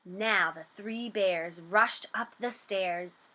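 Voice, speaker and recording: A woman reading a storybook aloud for children, slow, expressive and sing-song, then asking comprehension questions. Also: mid-range voice.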